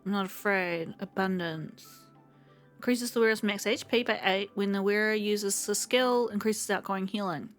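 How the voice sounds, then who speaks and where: A woman's voice: medium pitch, moderate pace, faint music behind. A young woman hosting a let's play, chatting casually and reading the game's text aloud with frequent fillers. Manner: reads game text aloud between remarks, frequent fillers. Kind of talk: casual gameplay commentary.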